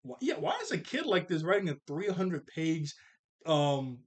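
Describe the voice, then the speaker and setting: A man's voice: on the high side, very animated, normal speed. A young man casually recapping a cartoon episode, laid-back and slangy, with chuckling asides.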